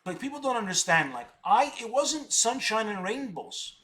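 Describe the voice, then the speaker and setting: Boastful high-voiced man on a stream. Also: sing-song, normal speed, pushed and bright. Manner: boastful, combative, repeats words for emphasis. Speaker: stock options streamer. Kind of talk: live stream monologue.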